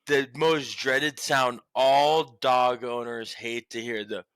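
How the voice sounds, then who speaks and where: A young man co-hosting a casual sports podcast from home, telling stories in a rambling, profane, animated way. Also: mid-range voice, slow pace, clear, resonant tone, dry recording. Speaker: podcast co-host.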